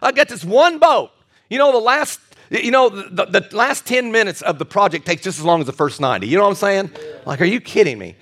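High-voiced man preaching a sermon. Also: quick pace. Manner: animated preaching, storytelling with bursts of shouting. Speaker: pastor.

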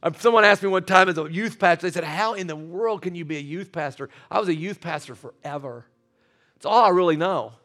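A middle-aged pastor with a fairly high voice delivers a lively sermon. He keeps stumbling over repeated words as he talks, and he laughs often. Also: fairly quick, soft background music.

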